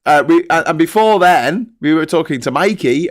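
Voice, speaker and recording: A man's voice: on the high side, expressive, normal speed. A British man hosting a casual panel chat, rambling loosely, swearing and laughing between points. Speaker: host.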